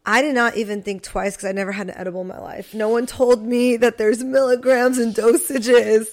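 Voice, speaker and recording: A young woman co-hosting a podcast, telling a story in casual chat, animated and swearing, acting out quotes. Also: on the high side, a little fast. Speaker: podcast co-host.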